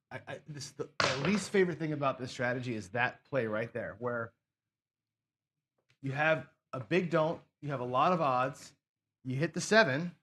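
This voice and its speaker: A man's voice: medium pitch, a bit bright. A man hosting a live craps stream in casual chat, frustrated and self-deprecating, swearing and scolding himself over his mistakes. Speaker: craps show host.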